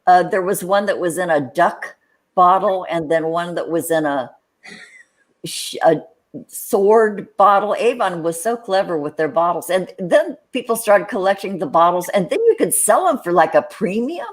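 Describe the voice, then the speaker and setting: A woman's voice: fairly low pitch, lively intonation, moderate pace. An older woman hosting a casual live chat on a video call, rambling with lots of fillers. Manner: rambling, many fillers and restarts. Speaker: host.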